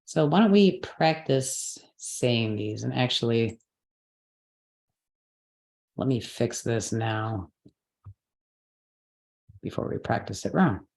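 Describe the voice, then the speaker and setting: A woman teaching a live class, explaining step by step, checking that her students follow, and correcting her own slips out loud. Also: very deep voice, expressive, slow, pauses often, roomy sound. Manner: patient, step-by-step explaining with frequent checks for understanding.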